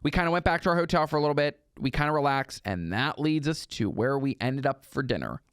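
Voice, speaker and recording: Gravelly-voiced young man, lively pitch. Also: fast talker, dry recording, studio quality. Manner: chatty recounting with lively asides. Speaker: podcast co-host. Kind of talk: casual chat.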